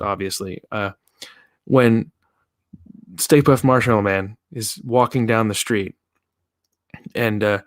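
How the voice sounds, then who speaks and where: A man guest on a casual podcast, talking with animated energy and quoting film lines. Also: on the low side, no room sound, clean studio sound. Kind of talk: casual chat.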